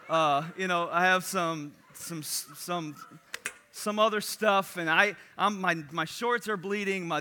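Young man, youth pastor, high-pitched, very bright tone, animated self-mocking storytelling, church sermon. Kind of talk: sermon opening with a humorous personal story. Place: church service.

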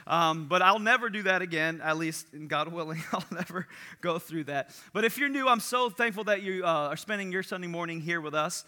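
A young male youth pastor with a high voice and a piercing, sharp-edged timbre, telling a funny story on himself at a church service. He jokes at his own expense and then settles into the sermon. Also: brisk. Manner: animated storyteller, self-mocking and joking. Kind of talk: sermon opening with a humorous personal story.

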